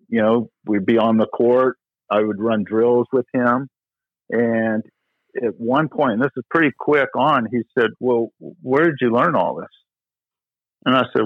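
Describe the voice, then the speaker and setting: A middle-aged tennis pro, guesting on a podcast, tells stories in a casual interview with a mid-range voice and vocal fry. He rambles, saying "you know" a lot and restarting sentences. The recording is dry and tinny, like a phone line.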